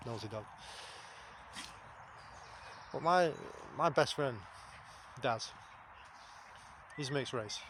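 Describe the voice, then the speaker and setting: A man's voice: medium pitch, extremely slow, long pauses, noisy background. A man, talking to camera in a blunt, rambling, sweary monologue. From England. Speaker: vlogger. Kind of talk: casual spoken monologue.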